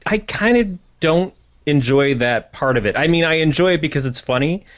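A man's voice: on the high side, lively intonation, moderate pace, muffled recording. A man hosting a casual movie talk, cracking dry jokes and restarting his sentences. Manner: dry wisecracks, hesitant restarts. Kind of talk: casual chat.

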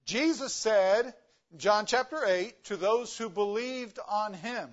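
A man's voice: high voice, expressive, slow, highs cut off. A man, a guest missionary preacher, giving an emphatic sermon full of rhetorical questions. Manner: emphatic, rhetorical questions, varies loudness for stress. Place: church.

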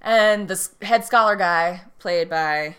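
A woman's voice: on the low side, takes it slowly, a crowd in the background. A woman casually recapping a TV episode, rambling and quoting the characters. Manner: rambling retelling with quoted lines and fillers. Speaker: podcast co-host recapping a TV episode. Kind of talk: casual chat.

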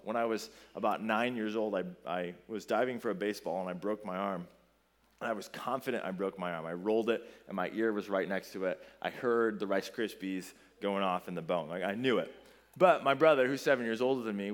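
Animated male pastor preaching on parenting. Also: medium pitch. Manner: conversational storytelling, animated and emphatic. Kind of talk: sermon.

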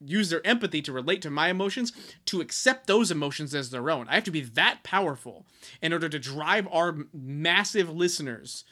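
A man's voice: on the high side, expressive, a little fast, bright, forceful tone. A man co-hosting a podcast in casual chat, rambling and sarcastic with mock-dramatic swings and frequent swearing. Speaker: podcast co-host.

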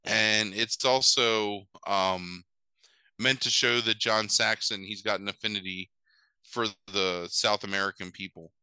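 A man with a very bright, sharp tone retells a film's plot in loose, rambling conversation, peppered with swearing and "like" and "um". His voice comes through smooth and crisp, recorded dry with almost no room sound. He talks like a podcast host at ease with a co-host. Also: on the low side, fairly even intonation, unhurried, no echo, low-quality recording. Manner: rambling, profane, full of fillers and asides. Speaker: podcast host recapping a film. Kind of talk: casual chat.

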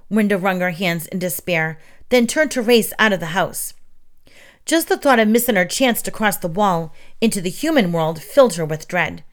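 A woman narrating a children's storybook aloud in an expressive way. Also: medium pitch, moderate pace. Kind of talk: reading children's stories aloud.

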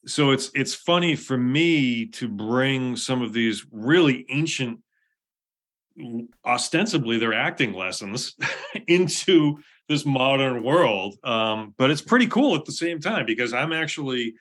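A man's voice: mid-range voice, fairly bright tone. A man, an actor, talking as an interview guest, earnest and reflective, often restarting and laughing. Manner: reflective storytelling. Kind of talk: casual conversational interview.

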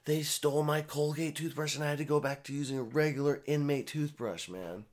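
A man's voice: on the high side, a little fast. A young man telling a rambling, profane story in casual speech, with lots of filler words. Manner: profane, rambling, animated retelling.

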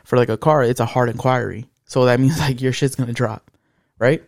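A man's voice: mid-range voice, fairly quick. Young male podcast co-host with a mid-range voice, blunt and profane, casual storytelling. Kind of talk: casual chat.

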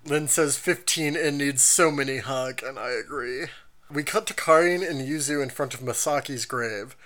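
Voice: medium pitch, normal speed. A podcast host recapping anime episodes in a casual chat, summarizing scenes and reading out viewer comments. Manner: lively, expressive, reads out episode summaries.

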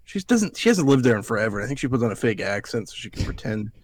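A man's voice: medium pitch, sing-song, quick pace. A man hosting a podcast, telling a rambling story in casual chat, swearing freely. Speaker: podcast host.

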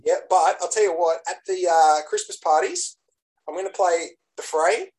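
Man, podcast co-host, excitable storyteller, a touch high-pitched. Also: normal speed, rough recording. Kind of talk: casual chat.

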